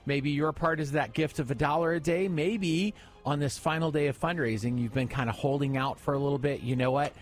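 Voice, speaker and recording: A man hosting a Christian radio morning show, chatting upbeat and pitching listeners to give during a fundraiser. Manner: upbeat, pitching donations with quick bursts.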